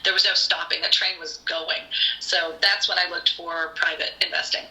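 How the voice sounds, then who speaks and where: A woman's voice: lowish voice, moderate pace, roomy sound, low-quality recording. A woman host chatting casually, telling her stories with gushing enthusiasm and plenty of fillers. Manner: gushing, animated storyteller with many fillers. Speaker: podcast host and screenwriter. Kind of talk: casual storytelling chat.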